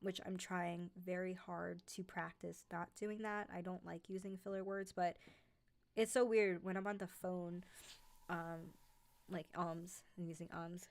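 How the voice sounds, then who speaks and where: A woman's voice: on the low side, little pitch movement, unhurried, vocal fry. Chatty woman with a light New York accent. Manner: chatty, many fillers like "like" and "um". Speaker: host of a horror narration channel. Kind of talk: casual livestream chat with viewers.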